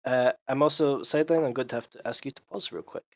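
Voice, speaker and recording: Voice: medium pitch, quick pace, no room sound. A game master narrating a tabletop game, explaining rules in an explanatory way with frequent fillers.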